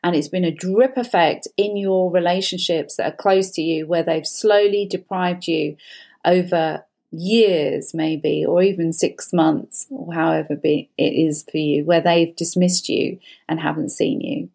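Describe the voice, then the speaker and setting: A woman's voice: lowish voice, fairly even intonation, unhurried, creaky, mellow. A woman therapist giving earnest advice as a guest, building emphatic lists of repeated phrases.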